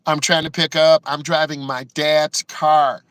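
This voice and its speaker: Close to tears, a driving instructor tells the camera personal stories, acting out quotes and tagging many lines with "right?". His voice is on the high side, fairly bright, clear and resonant, with little pitch movement and a slightly slow pace. The recording has no room sound but is rough.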